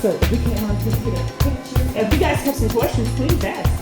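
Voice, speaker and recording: A man from Chicago talking warmly and effusively to a school class while visiting. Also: very high-pitched, animated, brisk. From Chicago, USA. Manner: warm, effusive praise. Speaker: visiting tourist. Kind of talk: casual talk to a class. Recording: roomy classroom with loud music over it.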